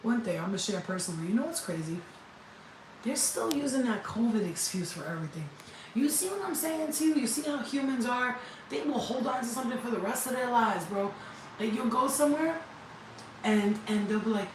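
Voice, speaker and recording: A woman's voice: a little high, brisk, echoey room, far from the mic, a little hiss or hum, rough recording. A woman chatting casually on a livestream, blunt and profane, laughing often and acting out quotes in other voices. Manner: animated, acts out quotes. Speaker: spiritual healing vlogger.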